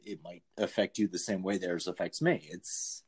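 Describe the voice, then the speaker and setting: A man co-hosting a podcast in casual chat, animated and jokey, laughing often. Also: sits low, moderate pace, slightly rough. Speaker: podcast co-host.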